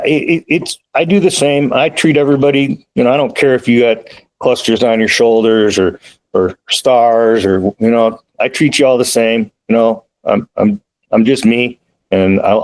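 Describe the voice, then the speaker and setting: A man, a police defensive tactics trainer, talking as a podcast guest in a relaxed, anecdotal way. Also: mid-range voice, moderate pace, low-quality recording. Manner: relaxed, anecdotal, quotes others in lively asides. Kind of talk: casual conversational storytelling. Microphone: remote call.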